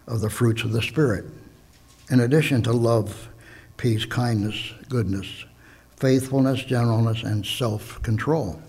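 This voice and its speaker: A man preaching a sermon in a measured way, often stopping to correct himself. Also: medium pitch, a little mellow, slightly rough. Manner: measured, slips and self-corrects, tells jokes.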